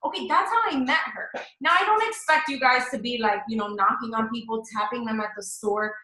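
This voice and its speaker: A woman talks her team through a casual live-stream coaching session, chatty and enthusiastic. Her voice sits high and sounds bright and sharp. The room around her is echoey. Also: a little fast. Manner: chatty, enthusiastic, talks straight to viewers as "guys".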